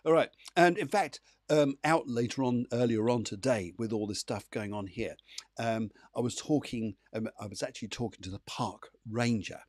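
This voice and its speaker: A man's voice: mid-range voice, moderate pace, dry recording, studio quality. A man hosting a live psychic show from home, chatting in an upbeat, rambling way full of fillers. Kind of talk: casual live-stream chat.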